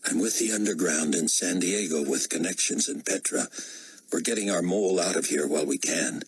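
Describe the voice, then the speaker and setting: A man voicing a calm, guarded American operative, speaking in measured tones. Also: low-pitched, husky.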